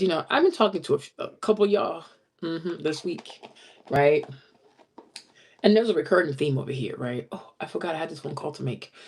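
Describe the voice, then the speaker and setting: A woman's voice: low-pitched, husky. Brief: young woman, vlogger, blunt and emphatic, casual chat to camera. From immigrant who moved to the US as a child. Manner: blunt, emphatic, tags lines with "okay?" and "right?". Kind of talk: casual direct-to-camera talk.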